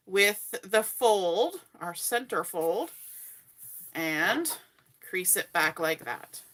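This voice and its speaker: A woman's voice: mid-range voice, sharp tone. A woman from Canada hosting a live card-making tutorial from home, chatty and greeting viewers by name as she works. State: hiccups. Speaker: crafting livestream host.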